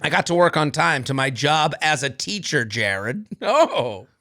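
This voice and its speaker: A male podcast co-host in loose, joking conversation, who sometimes reads listener emails aloud. His voice sits a bit high and swings widely in pitch, with a gravelly fry underneath. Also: lively intonation, measured pace, pushed and bright. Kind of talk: casual chat.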